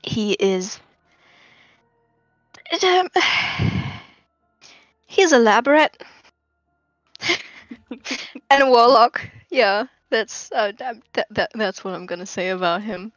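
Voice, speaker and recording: A woman's voice: fairly high pitch, animated, extremely slow, long pauses, fairly bright tone, dry recording. A woman, an artist joining as a player, chatting with stammering enthusiasm and lots of giggles. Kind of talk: casual chat.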